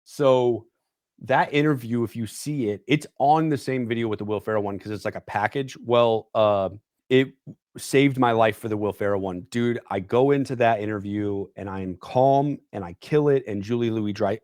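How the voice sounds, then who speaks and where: A man's voice: mid-range voice, moderate pace, darkish tone, no echo, clean studio sound. A young man guesting on a podcast, telling a rambling story and leaning on "like" and "dude". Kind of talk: casual storytelling chat. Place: podcast studio.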